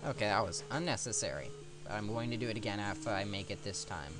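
A man narrates a retro game run in a lively, up-and-down voice, rambling between jokes at his own expense. Faint guitar music plays softly behind him. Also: lowish voice, fast. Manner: rambling, self-mocking asides. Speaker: let's play commentator. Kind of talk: casual gameplay commentary.

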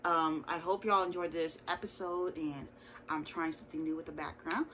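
A woman's voice: deep voice, fairly even intonation, moderate pace, sharp tone, slight background noise, low-quality recording. A woman hosting her own channel, recapping a reality show episode in a chatty, sassy way with playful asides. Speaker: TV show reviewer. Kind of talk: casual recap chat.

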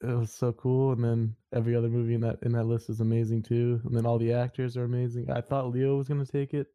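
A man in a casual film chat who talks fast. His voice is mellow and flat, with little rise and fall. He sounds enthusiastic and mostly answers in short, agreeing lines. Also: medium pitch. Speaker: film podcast co-host.

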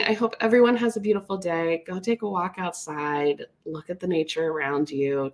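A woman's voice: lowish voice, normal speed, hardly any pauses. A woman teaching a live watercolor class, chatty and upbeat, with lots of fillers. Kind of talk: live painting tutorial.

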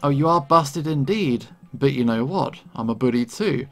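A man's voice: mid-range voice, animated, moderate pace, fairly bright tone, soft background music. A man reading a smug scheming male bully. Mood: gloating. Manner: mocking, gloating. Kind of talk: reading game dialogue aloud.

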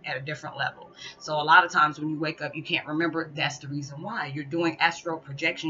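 A woman's voice: low-pitched, bright, forceful tone, dull audio. A woman vlogger telling a spiritual story in a chatty, rambling way, often restarting and laughing. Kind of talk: casual storytelling monologue.

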